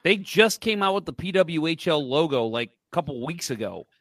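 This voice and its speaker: A man's voice: on the high side, expressive, moderate pace, a bit bright, no echo. A man co-hosting a casual hockey podcast, talking bluntly and swearing freely, exasperated with the league. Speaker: podcast co-host.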